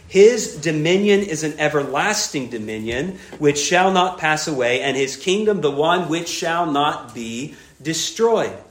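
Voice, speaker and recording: A man preaching a sermon, emphatic, repeating key phrases and dropping soft on grave points. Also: fairly high pitch, echoey room. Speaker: pastor.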